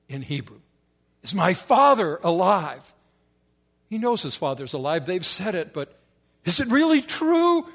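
A man preaching a sermon with emphatic repetition, often dropping to soft, low tones.

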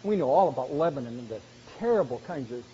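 A man's voice: mid-range voice, expressive, fast talker, warm tone, slight background noise. A man preaching a sermon, earnest and growing emphatic as he presses his point. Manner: earnest, rising to emphatic exhortation. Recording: dull sound with long hall reverb.

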